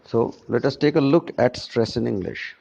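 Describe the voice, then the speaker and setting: A man teaching a spoken English lesson, speaking deliberately and often checking in with "right?". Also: mid-range voice, vocal fry, a little mellow, highs cut off. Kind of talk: classroom lecture.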